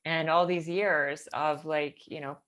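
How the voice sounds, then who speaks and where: A woman's voice: sits low, fairly even intonation, a little slow, a bit bright. A woman chatting casually in a rambling way, with many fillers and nervous laughter. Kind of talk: casual chat.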